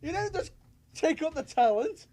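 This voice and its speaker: A man's voice: extremely high pitch, big pitch swings, normal speed, darkish tone. A man co-hosting a wrestling podcast, laughing often and repeating himself as he talks. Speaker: podcast co-host. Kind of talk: casual wrestling chat.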